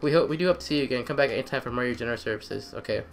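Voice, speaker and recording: A man voicing a polite female nurse receptionist in mock-polite customer-service patter, a little quieter and lower than his usual talk. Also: rapid-fire, faint music behind, lightly acted.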